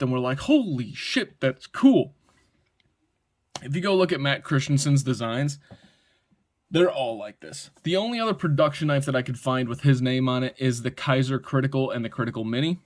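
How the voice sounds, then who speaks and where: A man talks through a pocket knife in a loose, excited review, wandering off on tangents and checking in with "right?" as he goes. His voice sits at an ordinary middle pitch, and he swears mildly when something impresses him. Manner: enthusiastic, rambling, frequent "right?" and mild swearing. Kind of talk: casual product review.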